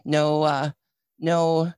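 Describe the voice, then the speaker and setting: A middle-aged woman with a lowish voice tells a hard personal story, stopping and restarting often. Now and then she drops in a dry, wry aside. The sound is close and dry, with no room around it. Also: level tone, very slow, darkish tone, smooth, no echo. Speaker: guest sharing a personal story.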